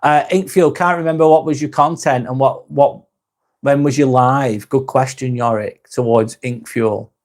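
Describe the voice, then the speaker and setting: Calm, relaxed British man chatting live. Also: mid-range voice, normal speed. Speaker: live-stream host reading viewer comments. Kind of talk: casual live-stream chat.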